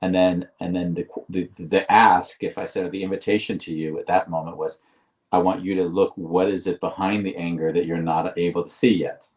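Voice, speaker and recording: A man with a very low voice co-hosts a reflective talk show. He explains ideas deliberately and often restarts his phrases. He sits a little back from the microphone, so his voice sounds somewhat distant. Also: steady tone, a little mellow. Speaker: podcast co-host.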